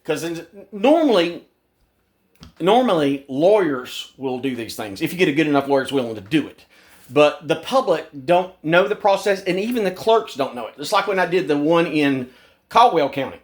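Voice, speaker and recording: A man's voice: a little high, very animated, normal speed. A man ranting to camera in a vlog. He talks heatedly, repeats words, restarts his sentences and swears. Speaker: vlogger. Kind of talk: agitated rant to camera.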